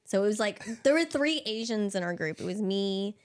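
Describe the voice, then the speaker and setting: A woman's voice: medium pitch, expressive, moderate pace. A young woman in her twenties, chatting casually as a podcast guest, rambling and giggly with lots of likes. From United States, Filipino family. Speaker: podcast guest, bodywork practitioner. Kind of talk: casual chat.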